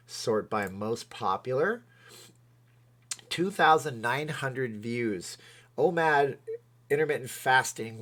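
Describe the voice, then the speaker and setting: A man's voice: medium pitch, fairly bright tone. A man from Canada hosting a livestream, chatting casually, rambling and reading viewer comments aloud. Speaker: livestream host.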